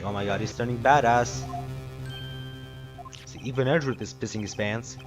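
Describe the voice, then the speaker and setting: A man's voice: medium pitch, normal speed, pauses often, soft background music. A young man casually commenting on a game he plays, with wry jokes and swearing. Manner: wry, joking asides, swearing. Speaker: let's play commentator.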